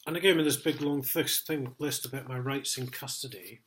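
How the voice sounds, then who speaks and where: A man's voice: medium pitch, a little fast, a bit bright, slight background noise. Aggrieved middle-aged man, sweary. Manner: aggrieved, sweary storytelling with many ums. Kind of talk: casual personal account.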